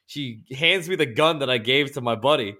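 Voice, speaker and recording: A man's voice: mid-range voice, normal speed, bright, forceful tone. A man co-hosting a podcast, telling a long story in a rambling, profanity-heavy way. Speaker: podcast co-host. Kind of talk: casual chat.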